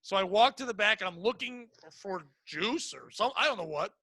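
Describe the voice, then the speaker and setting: A man's voice: sits high, lively intonation, normal speed, pushed and bright, no echo. A man in his forties hosting a podcast, telling comic stories in a casual, self-deprecating way and swearing freely. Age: 40s. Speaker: podcast host. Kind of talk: casual comedic storytelling.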